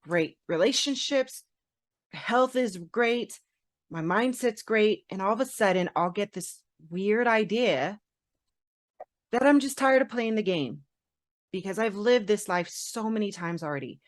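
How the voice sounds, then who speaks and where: A woman's voice: medium pitch, animated, a little slow, no room sound, clean studio sound. A woman speaking as a podcast guest in casual chat, reflective and given to metaphors.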